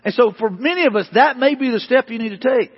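A male pastor preaching a sermon, repeating questions emphatically and building to loud, rising bursts. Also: extremely high pitch, fast, breathy edge. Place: church sanctuary. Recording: dull lo-fi hall recording.

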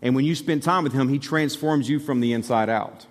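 In a church sanctuary with long, echoing hall reverb, a male pastor from Alabama preaches a sermon. His medium-pitched voice moves briskly, and his emphatic, conversational style includes asides directed at the congregation.

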